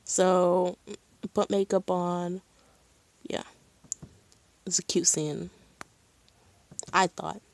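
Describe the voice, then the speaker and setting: A woman streaming live, chatting casually and excitedly as a fan, with lots of "like" and "um". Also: on the low side, extremely slow, pauses often, dry recording. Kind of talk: casual chat.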